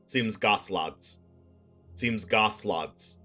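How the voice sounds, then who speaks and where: A man puts on a cheeky Scottish card commentator with a deep, gravelly mumble that drops well below his usual voice. The mock accent is rough and half-joking, and soft music plays faintly behind. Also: very slow, full character voice. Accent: attempted Scottish.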